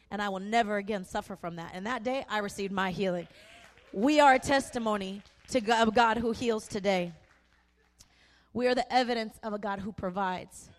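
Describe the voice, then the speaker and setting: A young woman pastor giving an impassioned sermon testimony, earnest and emphatic with repeated phrases. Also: medium pitch. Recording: echoey hall.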